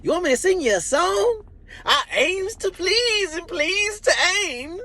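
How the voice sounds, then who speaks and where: A man mimicking a grinning, servile man eager to please, in a high, mocking sing-song. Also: animated, a little slow, bright, forceful tone, dry recording, heavily acted.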